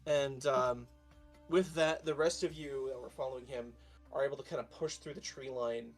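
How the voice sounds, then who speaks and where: A man narrating as game master of a tabletop game, talking in a halting way with many fillers, over a stream with faint music behind. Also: mid-range voice, steady tone.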